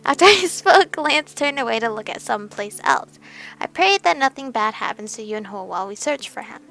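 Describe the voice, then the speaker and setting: Bright, high-voiced chatty woman streamer. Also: expressive, a little fast, vocal fry, faint music behind. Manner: giggly, chatty asides. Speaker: game streamer. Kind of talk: reading and commenting on a story game.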